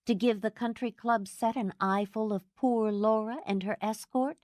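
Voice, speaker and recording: A woman's voice: on the high side, fairly even intonation, moderate pace, a little mellow, dry recording, studio quality, voice pushed up, close to an everyday voice. A woman voicing a proud, hurt divorced woman of thirty who keeps her temper tightly controlled.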